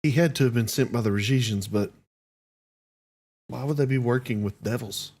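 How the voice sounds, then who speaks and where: A man's voice: medium pitch, moderate pace, a little mellow, slightly rough. A man voicing a wary adventurer in a tabletop game, musing aloud. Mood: puzzled.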